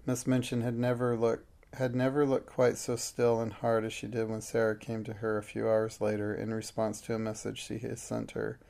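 Gravelly male audiobook narrator. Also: fairly low pitch, completely flat delivery, moderate pace, hardly any pauses, darkish tone. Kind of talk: scripted narration.

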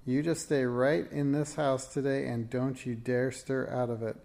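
A bossy old witch who scolds in slow, drawn-out words, as a man reads her in a storybook. Her voice is gravelly and dark, with sudden sharp flares. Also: medium pitch, flat delivery, natural voice. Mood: scolding. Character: cranky old witch mother, greedy, bossy.

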